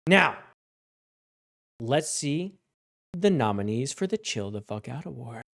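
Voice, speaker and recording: A woman's voice: a bass voice, sing-song, slow, vocal fry. Rambling, sarcastic woman hosting an award show. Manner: rambling, sarcastic, mock-panicked asides.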